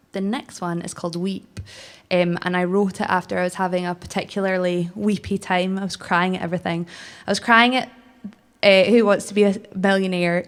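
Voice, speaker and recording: Woman performing spoken word poetry. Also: lowish voice. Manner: measured, rhythmic recitation with chatty, self-mocking asides.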